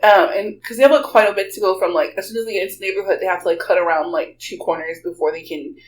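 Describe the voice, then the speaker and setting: Woman guest, lilt, animated and giggly, mid pitch, light hum underneath. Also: fast, poor audio. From Texas. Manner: animated, laughs often, many "like" fillers. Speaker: guest storyteller. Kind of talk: casual storytelling.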